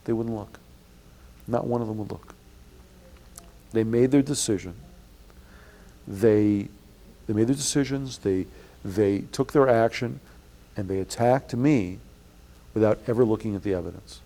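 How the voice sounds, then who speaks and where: Gravelly low-voiced man telling stories. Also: a little slow, pauses often. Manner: rambling, restarts often, acts out quoted people loudly; indignant. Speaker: interviewee, blogger. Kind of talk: storytelling in an interview.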